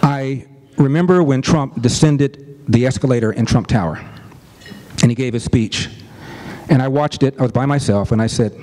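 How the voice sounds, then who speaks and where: Middle-aged guy telling a story, mellow low-key tone, earnest, repeats stuff for emphasis. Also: normal speed. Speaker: commentator. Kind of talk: storytelling speech.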